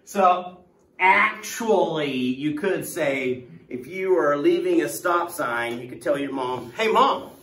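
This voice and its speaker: Excitable high-voiced male teacher, echoey classroom. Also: slow pace. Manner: playful, excitable, jokey. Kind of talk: classroom lesson. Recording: echoey room, mic at a distance.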